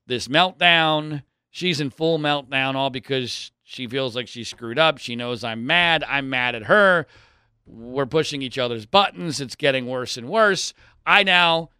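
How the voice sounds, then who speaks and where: A man, probably in his thirties, telling a personal story in an exasperated way, swinging between loud outbursts and low mutters. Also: clean tone, no echo, clean studio sound.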